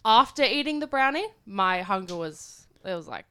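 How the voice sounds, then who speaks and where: A woman co-hosting a podcast, telling a personal story in an animated, casual way. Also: mid-range voice, normal speed, clean tone. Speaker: podcast co-host.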